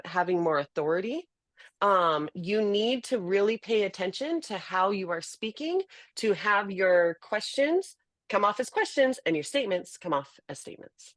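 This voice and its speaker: A woman guest on a podcast interview, explaining in an animated way and acting out examples. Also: mid-range voice, no room sound. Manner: animated, demonstrates by acting out patient talks. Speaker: podcast guest, optical business founder.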